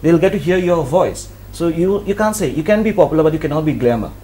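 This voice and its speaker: A man's voice: fairly high pitch, expressive, fast talker, mellow, slight background noise. A man radio jockey, explaining his views earnestly and repeating points for emphasis. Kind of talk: casual interview talk.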